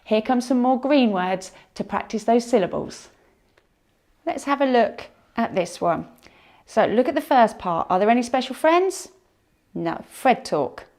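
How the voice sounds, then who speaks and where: A woman teaching a phonics lesson to young children, sounding out words slowly and encouraging them. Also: on the high side, expressive, darkish tone. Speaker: primary school teacher.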